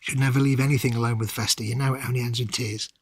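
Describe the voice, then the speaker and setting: A middle-aged man co-hosting a casual live stream, trading dry, deadpan jokes. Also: mid-range voice, very fast, slight background noise. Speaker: co-host.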